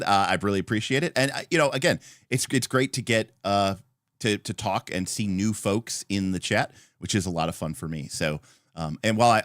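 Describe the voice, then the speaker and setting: A man's voice: lowish voice, no echo, clean studio sound. Chatty man hosting a livestream. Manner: chatty and rambling, greeting viewers by name. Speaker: livestream host. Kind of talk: casual livestream chat, answering viewers.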